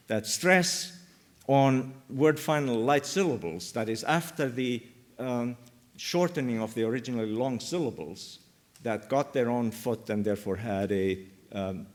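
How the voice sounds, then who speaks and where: An older man giving an academic linguistics talk at a conference in a university lecture room, pausing often with "um" and "uh" and lifting his pitch on key terms and examples. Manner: hesitant, many "um" and "uh" fillers.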